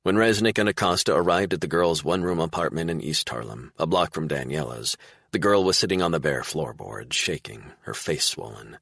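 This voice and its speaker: A man narrating a crime thriller audiobook in a measured, dramatic reading. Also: very deep voice, vocal fry, fairly bright tone, no room sound, studio quality. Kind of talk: scripted narration.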